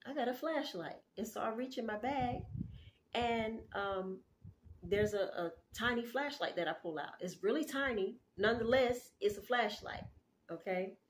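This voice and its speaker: A woman casually telling a dream story in an animated, chatty way, full of asides. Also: mid-range voice, slight background noise. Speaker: faith vlogger sharing a dream.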